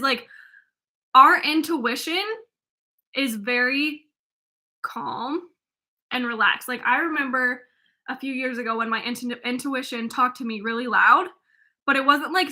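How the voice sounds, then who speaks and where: A young woman in her twenties hosts her own coaching podcast, talking alone in a loose, rambling way. Her voice sits high and sounds bright and sharp. She restarts her sentences often and fills gaps with "like.". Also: unhurried, pauses often. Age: 20s. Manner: rambling, filler-heavy, with many restarts. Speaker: life coach and podcast host. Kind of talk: casual solo podcast monologue.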